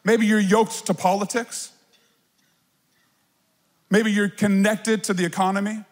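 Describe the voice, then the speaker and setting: A man preaching a lively sermon as a pastor, acting out little voices and playful asides. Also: sits high, a little slow, long reverb tail.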